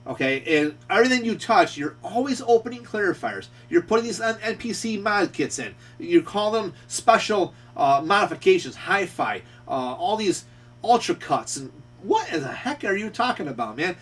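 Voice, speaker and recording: A man's voice: sits high, big pitch swings, normal speed, fairly bright tone, slightly rough, far from the mic. A middle-aged man who runs a radio repair shop, scolding a rival in a confrontational rant and repeating his points. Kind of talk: ranting call-out video.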